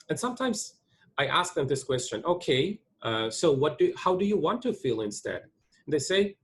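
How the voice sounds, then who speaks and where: A man teaching a webinar in an earnest, explaining manner, pitch sitting a little high for a man. His voice swings widely up and down as he stresses points, often restarting and repeating himself. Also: sing-song, moderate pace. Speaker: webinar presenter.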